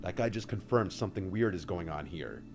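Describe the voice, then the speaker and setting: A man reading a first-person story aloud in a steady, even manner. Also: sits low, a little fast. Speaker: story narrator. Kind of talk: narrated story read aloud. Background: faint music.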